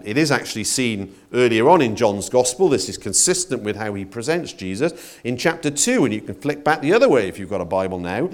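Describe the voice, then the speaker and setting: A man preaching a sermon in a conversational, expressive way, addressing his congregation directly. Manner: expressive, conversational preaching with wide swings in pitch and loudness.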